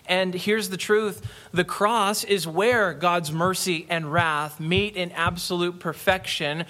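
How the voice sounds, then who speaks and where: A middle-aged man preaching a sermon as pastor, earnest and emphatic, slowing to stress key phrases. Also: sits high, sharp tone.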